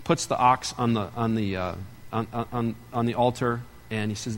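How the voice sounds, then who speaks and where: A middle-aged pastor preaching a sermon, telling a story with lively swings between loud and hushed delivery. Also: male voice, medium pitch, moderate pace, big-room sound.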